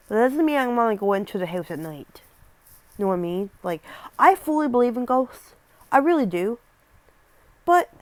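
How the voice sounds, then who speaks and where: A woman's voice: mid-range voice, no room sound. A young woman reading a scary story aloud and breaking off for casual, rambling asides, often stumbling over words.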